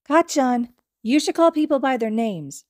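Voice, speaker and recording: A woman's voice: expressive, unhurried, darkish tone, dry recording, clean studio sound. Woman doing a small tearful four-year-old boy. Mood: earnest. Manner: high, childlike, stammering when upset.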